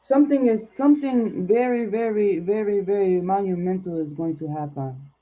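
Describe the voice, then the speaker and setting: A woman's voice: medium pitch, normal speed, mellow, lightly acted, rough recording. A woman putting on a put-on accent as a lofty, old-fashioned oracle during a livestream tarot reading, speaking in archaic, formal phrases.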